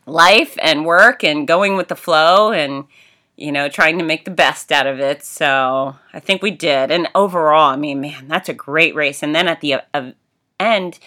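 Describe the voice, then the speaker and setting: A middle-aged woman telling a story in a casual, animated way, with laughs and exclamations. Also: low-pitched. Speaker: race announcer and fitness host.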